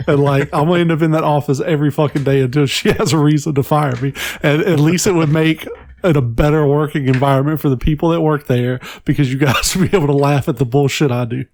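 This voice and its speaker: Blunt higher-voiced man cursing. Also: darkish tone. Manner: blunt, defiant, profane. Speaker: podcast co-host. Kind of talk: casual chat.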